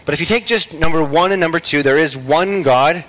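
A man preaching a teaching sermon as pastor, speaking in measured phrases with frequent pauses and restarts. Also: a little high, fairly bright tone, slight background noise, rough recording.

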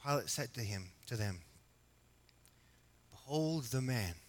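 A man preaching an expository sermon, emphatic at times and quiet at others, asking his congregation questions. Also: mid-range voice, lively intonation, slow pace. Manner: emphatic, rising to loud exhortation, then quiet and reflective. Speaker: pastor.

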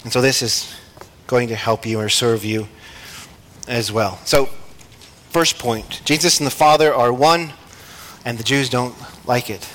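A man preaching a teaching sermon as pastor, speaking in measured phrases with frequent pauses and restarts. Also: medium pitch, a bit bright, low-quality recording.

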